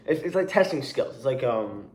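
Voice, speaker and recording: A young man tells a rambling camp story in a casual vlog. He keeps restarting and adding asides in an exasperated way, at a middle pitch. His voice carries a roomy echo. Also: lively intonation, normal speed, darkish tone, slight background noise. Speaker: camp coach and counselor.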